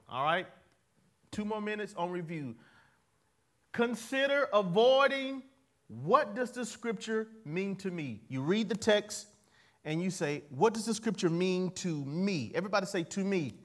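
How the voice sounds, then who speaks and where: Male pastor, bright high register, playful call-and-response preacher who swings between quiet asides and punchy declarations. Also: animated, measured pace. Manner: playful, laughs at his own jokes. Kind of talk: sermon.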